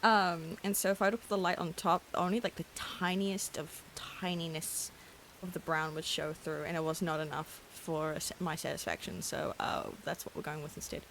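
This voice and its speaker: A woman streaming a game late at night, chatting casually in a hushed voice, giggling and gushing over cute things. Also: sits low, steady tone, moderate pace, a little hiss or hum. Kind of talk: casual live-stream chat while gaming.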